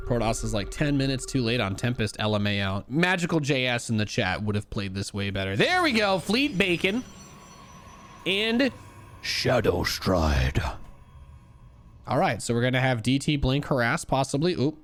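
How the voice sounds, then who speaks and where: A man's voice: mid-range voice, big pitch swings, normal speed, a bit bright, a little hiss or hum. A young man giving casual, joking commentary on an esports replay as a streamer. He swings between hype and dry asides. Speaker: streamer and caster.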